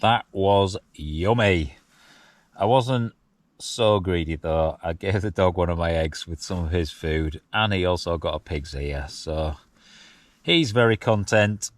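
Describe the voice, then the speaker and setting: A man's voice: low-pitched, measured pace, no echo. A Yorkshire man vlogging casually from inside a small tent while wild camping, chatty and self-mocking with frequent chuckles. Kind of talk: casual camping vlog chat.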